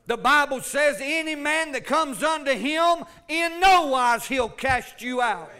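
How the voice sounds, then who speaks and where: High, bright-voiced preacher. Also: male voice, a little slow. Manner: fervent preaching, swinging from loud calls to low asides. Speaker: pastor. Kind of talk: sermon.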